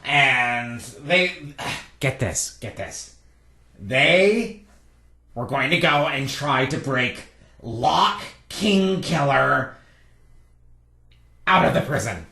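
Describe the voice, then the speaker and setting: A player doing a squeaky gossipy little gatekeeper. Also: lively intonation, extremely slow, creaky, long pauses, sharp tone, roomy sound, full character voice. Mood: chatty. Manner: rambling, gossipy, full of "like". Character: small chatty gossipy gatekeeper. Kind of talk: tabletop role-play character voice.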